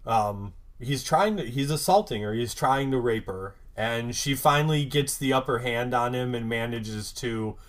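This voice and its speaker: A man's voice: mid-range voice, normal speed, few pauses. A man hosting a podcast, recapping an episode in a rambling, casual way full of "like" and "um", sometimes getting worked up. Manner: rambling, lots of "like" and "um"; gets worked up and emphatic. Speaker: podcast host.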